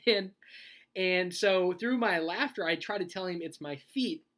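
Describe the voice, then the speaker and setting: In a sermon video, a youth pastor with a high-pitched voice speaks at a measured pace. He's conversational and animated, laughing as he tells a personal story.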